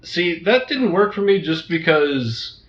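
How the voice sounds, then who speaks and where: A man co-hosts a film review podcast, dry and blunt, with a bright, edgy voice. His voice rings in an echoey room, and the sound is dull and lo-fi. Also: on the high side, sing-song, slow. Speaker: podcast co-host. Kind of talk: casual film review chat.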